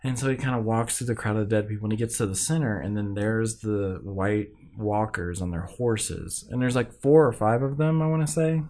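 A man's voice: fairly low pitch, normal speed, hardly any pauses, a little mellow. A man in casual chat, animatedly recapping a TV episode and acting out the characters' lines. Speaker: podcast co-host recapping a TV episode.

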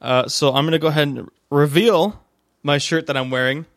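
A man's voice: fairly high pitch, brisk, fairly bright tone, dry recording, studio quality. Rambling, joking podcast host, man. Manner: rambling, joking, lots of fillers and restarts. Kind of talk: casual chat. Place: home room, on a video call. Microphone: desk microphone.

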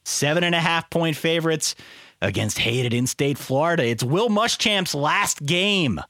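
A man co-hosting a casual sports podcast, talking in an animated, playfully indignant way. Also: fairly high pitch, unhurried, no room sound, studio quality. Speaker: podcast co-host.

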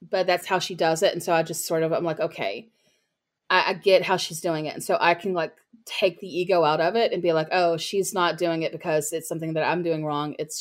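A woman speaking as a podcast guest about her copywriting work, in casual interview talk full of "like" and "you know". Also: deep voice. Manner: chatty, heavy use of "like" and "you know" fillers.

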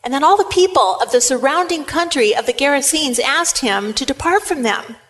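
Lively woman preaching a sermon. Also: high-pitched, moderate pace. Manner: lively retelling, addresses the congregation directly.

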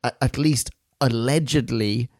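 A man's voice: mid-range voice, measured pace, darkish tone, no room sound, clean studio sound. A man co-hosting a casual review podcast, rambling through anecdotes, swearing and laughing often. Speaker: podcast co-host. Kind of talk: casual chat reviewing an audio drama.

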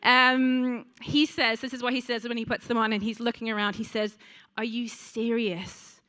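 A woman's voice: fairly high pitch, fairly even intonation, brisk, sharp tone, smooth. A woman preaching a sermon to a congregation in a church, chatty, with frequent ums and asides to the listeners.

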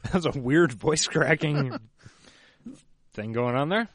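A man co-hosting a podcast, wry and quick to laugh in casual banter. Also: fairly high pitch, lively intonation, dry recording. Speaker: podcast co-host.

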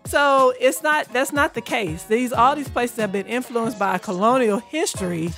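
A woman's voice: fairly high pitch, moderate pace, creaky, fairly bright tone, faint music behind. A woman in a casual discussion, talking assertively and driving points home with repeated tag questions.

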